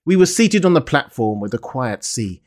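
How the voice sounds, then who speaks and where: A man's voice: medium pitch, big pitch swings, normal speed, a little mellow. Man narrating a classic novel. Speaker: audiobook narrator.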